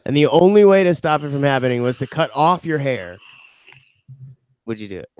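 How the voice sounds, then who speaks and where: Man, podcast co-host, lively bouncing pitch, teasing, laughs a lot, dry sound. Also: brisk, clear, resonant tone, dry recording. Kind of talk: casual chat.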